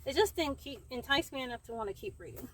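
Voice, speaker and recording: A woman's voice: sits high, animated, fast, a bit bright, slight background noise, low-quality recording. A young woman vlogging outdoors in the heat, chatty and rambling with fillers, somewhat out of breath. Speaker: book vlogger. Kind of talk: casual chat. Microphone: camera framing herself.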